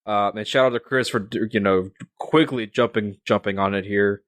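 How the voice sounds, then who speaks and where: A man's voice: fairly low pitch, normal speed, a bit bright, no echo. A young man hosting a casual sports podcast, rambling with lots of fillers and restarts. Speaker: podcast host.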